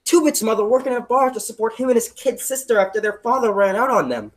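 A teenage student actress reading a sensitive, quick-tempered greaser boy over a video call, earnest and prone to outbursts. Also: a little high, animated. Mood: brooding. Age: teens. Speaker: student actor. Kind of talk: school play read over a video call.

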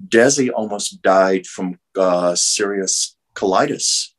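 A man's voice: low-pitched, slow, rough recording. A man, an artist and medium, telling an emotional story earnestly as an interview guest over a video call.

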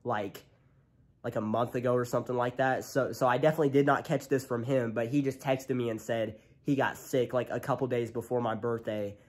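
A sick, congested young man in his late teens vlogging at home with a handheld camera, talking extra loud and rambling with many fillers. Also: medium pitch, fairly even intonation, brisk. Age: young adult. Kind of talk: casual vlog. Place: home, indoors.

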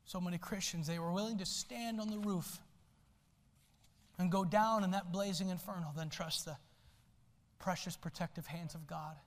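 A male pastor preaching a sermon, swinging from soft low asides to loud shouted lines. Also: fairly even intonation, normal speed. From United States. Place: church sanctuary. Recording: long hall reverb in a church.

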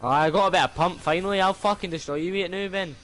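A man's voice: high-pitched, quick pace, a bit bright, soft background music. Sweary Scottish guy trash-talking. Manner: sweary, teasing trash talk. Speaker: streamer. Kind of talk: casual gaming banter.

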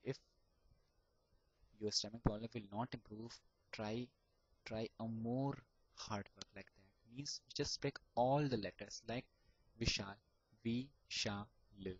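A man with an Indian English accent giving earnest, repetitive advice on overcoming stammering, sounding out words slowly. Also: mid-range voice, fairly even intonation, slightly rough, muffled recording. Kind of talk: casual advice talk to camera.

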